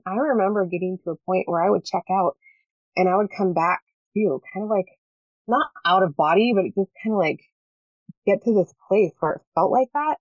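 A medium-pitched woman in her thirties, a parenting coach, guests on a casual interview chat, talkative and earnest with frequent fillers. It's a dry recording with a slightly dull, lo-fi sound.

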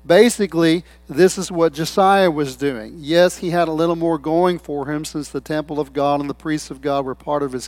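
A man's voice: on the high side, no echo. A man preaching a sermon in a loose, conversational way, telling stories and quoting people in different voices. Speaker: pastor.

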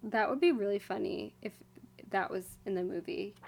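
A woman's voice: mid-range voice, normal speed, creaky. A woman co-hosting a casual book chat, reasoning things through and quoting passages. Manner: thoughtful, laughs easily, reads quotes aloud. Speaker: co-host of a book discussion.

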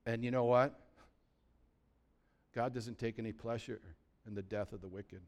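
A man's voice: medium pitch, fairly even intonation, moderate pace, a little mellow. A man preaching a sermon as pastor, blunt and urgent, asking the listeners rhetorical questions.

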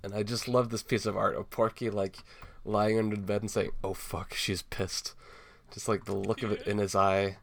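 A man's voice: fairly low pitch, flat delivery, fairly quick, gravelly, hardly any pauses. A young man chatting casually as a podcast co-host, reading and riffing on a comic, swearing freely. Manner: laid-back, swears a lot, many fillers.

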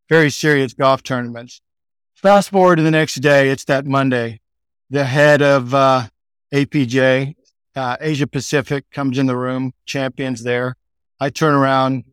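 A man's voice: medium pitch, clean tone, dry recording, studio quality. A middle-aged man with a Texan accent, a podcast guest telling a story casually and chattily, full of "like" and "you know". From Texas. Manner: chatty, laid-back, frequent 'like' and 'you know' fillers. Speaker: guest, sales executive.

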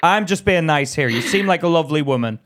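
A man's voice: a little high, expressive, fast, a bit bright. A young man co-hosting a podcast, talking bluntly and teasing, often acting out little bits of dialogue. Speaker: podcast co-host. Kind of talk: casual chat.

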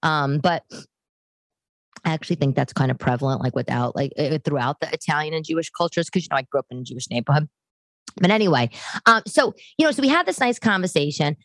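A woman in her forties hosting a podcast from her living room, talking in a casual monologue that turns animated and emphatic, ranting with many restarts. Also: low voice, fast talker, no room sound. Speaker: podcast host.

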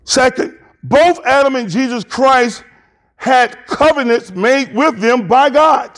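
A pastor in his sixties with a Southern US accent, preaching an animated, joking sermon straight to the congregation. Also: very high voice, slow pace. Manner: animated, jokey, talks to congregation.

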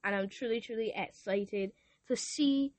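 A woman's voice: a little high, unhurried, no echo. Teen girl doing her podcast, earnest and open, dry close sound. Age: teens. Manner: earnest, confessional, animated quoting. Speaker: podcast host. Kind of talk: casual faith talk.

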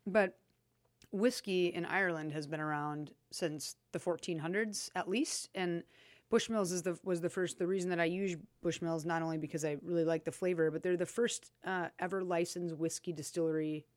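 A woman's voice: lowish voice, fairly even intonation, moderate pace, no echo, clean studio sound. A woman chatting casually as a co-host, explaining things with lots of fillers and little laughs. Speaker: co-host talking about drinks. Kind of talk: casual chat.

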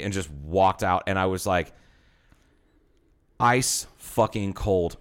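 Man in his thirties, low voice, casual podcast host, animated profane storyteller. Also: slow pace. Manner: animated storyteller, swears a lot, acts out quotes.

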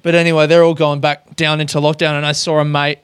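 An Australian man rambles through a casual solo monologue with a smooth, clear voice pitched a little high. He swears freely and keeps mocking himself as he talks. The sound is close and dry. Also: little pitch movement, fast talker, no echo.

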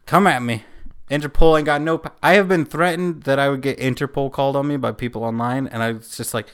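An American man trades jokes on a casual movie podcast, his voice sitting in an ordinary middle pitch. He teases his co-host and rambles through asides. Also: fairly even intonation, fast talker, clean tone. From United States. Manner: teasing, joking, rambling.

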